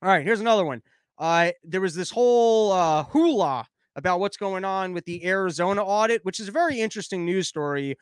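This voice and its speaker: High, smooth-voiced man riffing on news. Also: expressive, fairly quick, no echo. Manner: profane, rambling, joking. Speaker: podcast host. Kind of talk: casual news commentary.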